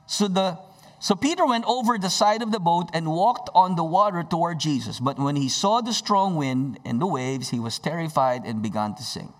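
A man delivers a sermon in a fairly high voice. He retells scripture dramatically, rising sharply for emphasis and dropping low and soft for quiet lines. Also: animated, normal speed. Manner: dynamic preaching with sudden swings in pitch and volume. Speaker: pastor.

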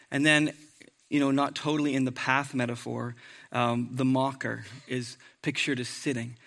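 A man's voice: mid-range voice, little pitch movement, normal speed, vocal fry, fairly bright tone. A man preaching a sermon in a conversational way, with joking asides to the congregation.

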